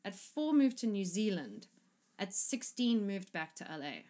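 Woman co-host, casual film chat, animated, swears freely, middle pitch. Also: measured pace. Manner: swears freely, talks animatedly and acts out lines. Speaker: podcast co-host.

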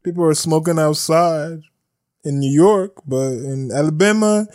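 Slow, blunt sarcastic male podcast host. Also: fairly high pitch, a little mellow. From United States. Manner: blunt, sarcastic, repeats himself, laughs at own jokes. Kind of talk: casual news commentary.

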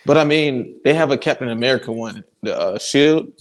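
A man co-hosting a casual podcast while walking around at work, a little winded, reflective, with lots of pauses and light laughs. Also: mid-range voice. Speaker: podcast co-host.

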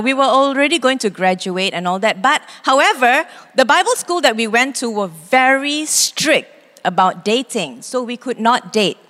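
A woman, preaching a sermon as pastor, expressive and quick to act out voices. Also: medium pitch. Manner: expressive, acts out quoted voices, laughs easily. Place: church hall. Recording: long reverb in a church hall.

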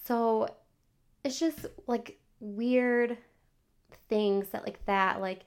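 Young woman podcaster chatting away, lots of "like", mid-pitched voice, acts out the back-and-forth. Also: slow, gravelly, smooth. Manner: chatty, many "like" fillers, acts out child's replies. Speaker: podcast host. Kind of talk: casual storytelling to camera.

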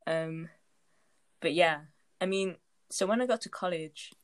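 A young woman in casual chat, relaxed and full of fillers. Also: fairly low pitch, unhurried, no echo. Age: young adult.

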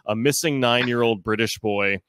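A man co-hosting a casual podcast, thinking aloud in an animated way with quoted asides. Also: medium pitch, moderate pace, slight background noise. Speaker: podcast co-host.

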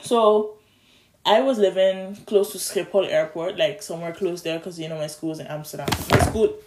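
A young adult, telling a long story in a casual, animated way, with restarts and stumbles, recorded on a phone. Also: medium pitch, moderate pace, roomy sound. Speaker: vlogger.

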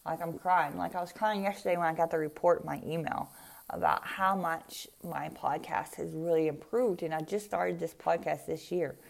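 A woman's voice: fairly low pitch, fairly even intonation, moderate pace, creaky. A woman hosting a spiritual podcast, giving tarot card readings to her listeners in an emphatic, casual way and often checking in with "right?" and "okay?".

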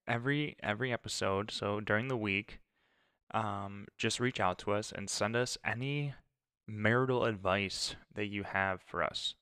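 A man's voice: lowish voice, normal speed, pushed and bright, clean tone, dry recording, clean studio sound. A young man co-hosting a podcast with his wife, easygoing and thinking aloud with fillers. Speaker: podcast co-host. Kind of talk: casual chat. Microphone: close studio mic.

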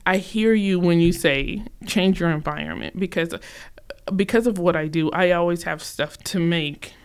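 A woman's voice: lowish voice, normal speed, clean tone. A woman who owns a bakery, telling stories as a guest in a casual chat, laughing often. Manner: chatty storyteller, laughs often. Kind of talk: casual conversation.

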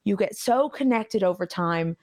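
A woman streamer telling a story in a casual interview, animated and laughing often. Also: medium pitch, normal speed. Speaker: streamer guest.

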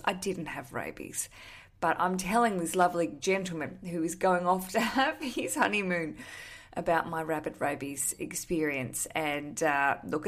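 Candid woman podcast host. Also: lowish voice. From Australia. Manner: candid and self-mocking, with frequent swearing. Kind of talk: casual solo podcast chat.

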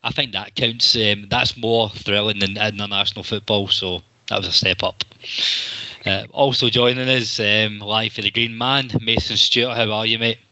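Bright-toned man hosting a podcast. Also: on the low side, fairly even intonation, normal speed, no room sound. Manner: chatty, jokey, swears freely. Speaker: podcast host. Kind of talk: casual football podcast chat.

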